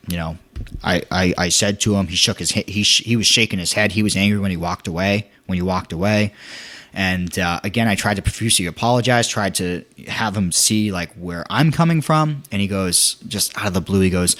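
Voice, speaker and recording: A young man telling a story in casual podcast chat, animated, acting out quotes with many restarts. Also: deep voice, brisk.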